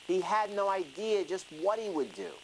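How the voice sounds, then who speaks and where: A storyteller reading a rhyming children's story in an expressive, sing-song way. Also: medium pitch, normal speed, a little hiss or hum, poor audio. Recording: music playing under the reading.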